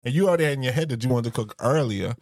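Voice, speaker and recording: Husband and co-host, defensive, laughs often, dry close mic. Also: male voice, mid-range voice, expressive, rapid-fire, a little mellow, no echo. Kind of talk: casual couple argument.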